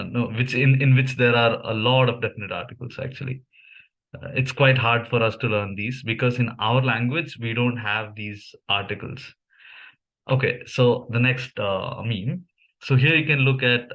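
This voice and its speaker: Speaking at a moderate pace in a mid-range, slightly bright voice, this young language vlogger from India muses casually over memes. He has an Indian English accent, Malayalam as his first language, and plenty of fillers and restarts.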